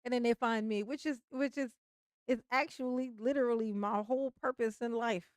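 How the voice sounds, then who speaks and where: A woman's voice: on the high side, fairly even intonation, normal speed, smooth, no echo, studio quality. A woman hosting a casual livestream commentary, chatty and swearing freely, often breaking into laughter.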